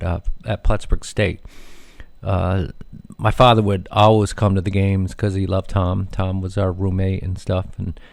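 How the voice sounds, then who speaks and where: A man's voice: fairly low pitch, creaky, dry recording, clean studio sound. A middle-aged man hosting a radio show, telling rambling family stories with many fillers and restarts.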